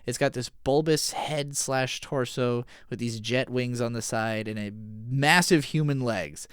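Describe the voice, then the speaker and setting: Man, smooth clear voice, dry close sound, casual anime recap, loose and a bit profane. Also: mid-range voice, fairly bright tone, no echo. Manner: casual, profane, retells scenes with quick paraphrased dialogue. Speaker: anime podcast host. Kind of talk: casual episode recap and analysis.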